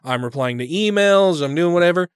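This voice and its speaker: A man's voice: high-pitched, expressive, a little fast, clean tone, no room sound, clean studio sound. A man co-hosting a podcast in blunt, sarcastic casual chat, swearing often and laughing, with the hiccups. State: has the hiccups. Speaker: podcast co-host. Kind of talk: casual profane banter.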